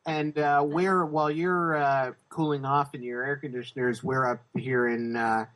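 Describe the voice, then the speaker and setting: A man's voice: medium pitch, fairly even intonation, moderate pace, a bit bright, low-quality recording. A man guesting on a podcast, joking crudely and swearing. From Canada. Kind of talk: casual podcast chat.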